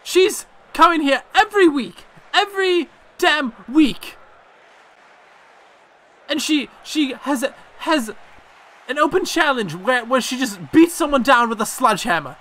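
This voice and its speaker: A man's voice: expressive, unhurried, fairly bright tone, full character voice. A man voicing a cocky Irish woman wrestler in a mock Irish accent, delivering a defiant video game promo with brash trash talk. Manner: brash trash talk, higher than his own voice.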